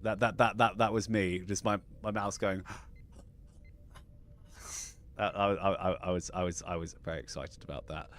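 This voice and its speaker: A man co-hosting a live gaming show in casual chat, excitable and stammering with frequent restarts. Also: low voice, moderate pace, long pauses. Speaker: co-host.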